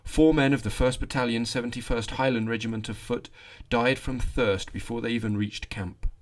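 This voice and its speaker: A man hosting a history podcast, narrating a scripted story with lively delivery and wry asides. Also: mid-range voice, moderate pace.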